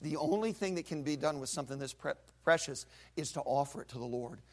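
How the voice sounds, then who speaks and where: A man's voice: fairly high pitch, quick pace, a little mellow. A male pastor preaching a sermon, retelling a Bible story with vivid acted voices and sound effects.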